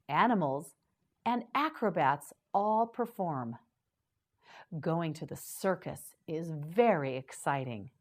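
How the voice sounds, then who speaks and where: A woman teaching English vocabulary to beginners, saying each word slowly and clearly, asking the listener to repeat it, then explaining it in simple sentences. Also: fairly low pitch. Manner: very slow, repeating words for the learner to echo.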